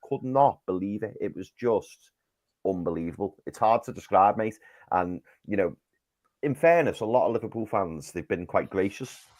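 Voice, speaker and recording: A man's voice: fairly low pitch, animated, moderate pace, darkish tone. A man from England telling an emotional story as a guest on a fan podcast.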